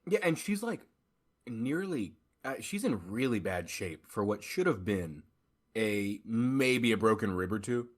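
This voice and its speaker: Low-voiced man joking through a movie recap. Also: lively intonation, a little slow. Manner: joking, does mocking voices of characters. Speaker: podcast co-host. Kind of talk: casual movie review chat.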